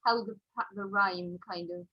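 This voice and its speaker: A woman with a Welsh accent, a children's author chatting on a podcast in an animated way, full of fillers. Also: mid-range voice, normal speed, muffled recording. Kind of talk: casual podcast chat.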